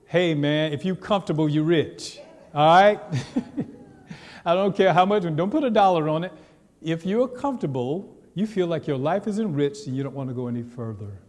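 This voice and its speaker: Conversational preacher in an echoing church. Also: male voice, on the high side, animated, a little fast, a little mellow. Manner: conversational and teasing, talks straight to the congregation. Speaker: pastor. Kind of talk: sermon. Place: church sanctuary. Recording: long reverb of a church hall.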